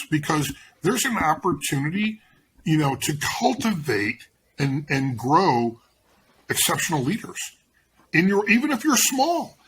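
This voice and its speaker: A man's voice: on the high side, fairly bright tone, a little hiss or hum, poor audio. A man speaking as a guest on an interview, rambling with many restarts as he explains his coaching approach. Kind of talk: casual interview conversation.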